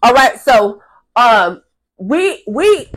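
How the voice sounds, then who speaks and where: With a slightly high voice and an extremely slow delivery, a woman shares a long story from her own life on camera. She keeps it casual and animated, curses without restraint, and acts out each person.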